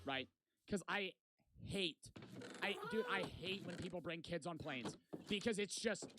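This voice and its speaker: A young man telling a rowdy travel story in casual, profane storytime style. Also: sits high. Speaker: vlogger. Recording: noticeable background noise.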